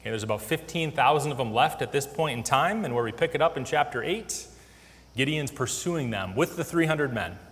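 A man's voice: medium pitch, expressive, brisk, fairly bright tone. A man giving a casual Bible lesson, conversational, with many fillers and restarts. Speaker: Bible teacher. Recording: long hall reverb.

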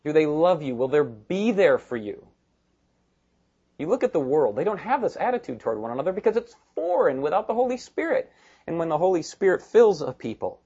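A male pastor preaching a sermon in an animated, emphatic way, with joking asides. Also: a little high, slightly rough, highs cut off.

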